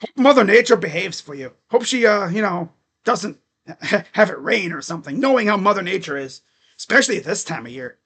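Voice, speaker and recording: A man calling a ball game live as a fan from his room at home, excitable, chatting to viewers and shouting at the players. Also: high-pitched, a little fast, husky. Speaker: fan streamer calling play-by-play. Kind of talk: live fan reaction and play-by-play. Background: dogs barking.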